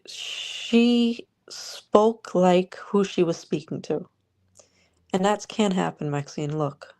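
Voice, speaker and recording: A woman's voice: fairly low pitch, lively intonation, slow, a little mellow. A woman vlogger ranting sarcastically about politics straight to the viewer. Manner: sarcastic, exasperated, talks to the viewer.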